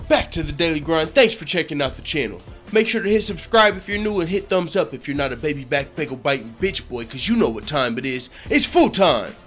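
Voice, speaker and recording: A man's voice: fairly high pitch, a little fast, few pauses, faint music behind. A man hosting a casual MMA news channel, cursing a lot and laughing often as he talks. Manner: profane, laughs often, excitable. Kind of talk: casual commentary vlog.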